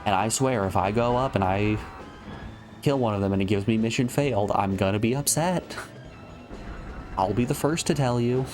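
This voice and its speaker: Male streamer, low voice, dry joking asides over faint game music. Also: moderate pace, pauses often, darkish tone. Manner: wry, joking, thinking aloud. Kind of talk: casual gameplay commentary.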